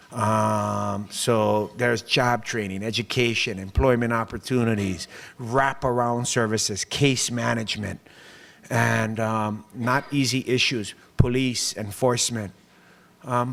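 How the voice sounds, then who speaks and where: A man giving a public speech to a business group as mayor, telling stories in an animated way and acting out other people's lines. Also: mid-range voice, vocal fry. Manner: animated storytelling, acts out quoted voices with laughs. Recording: long hall reverb.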